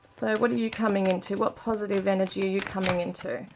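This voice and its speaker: A woman doing a pick-a-card tarot reading, gently reading card messages aloud and commenting on them. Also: medium pitch, fairly even intonation, quick pace, background noise. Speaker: tarot reader.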